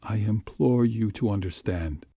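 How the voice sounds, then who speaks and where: Anxious lovesick gentleman read by a man, hushed and urgent, low dark voice, dry sound. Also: a little slow, dry recording.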